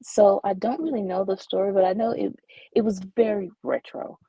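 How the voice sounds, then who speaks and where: A woman's voice: mid-range voice, steady tone, normal speed, warm tone, breathy edge, no room sound, low-quality recording. A woman co-hosting a casual comic book podcast, making short, hesitant remarks. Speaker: podcast co-host.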